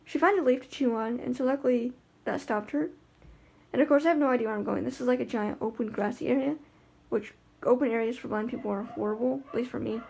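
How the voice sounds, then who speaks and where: A woman's voice: on the high side, fast, creaky, a little mellow, breathy edge. A woman talking in a casual vlog about life with her guide dog, chatty and rambling with lots of fillers and restarts.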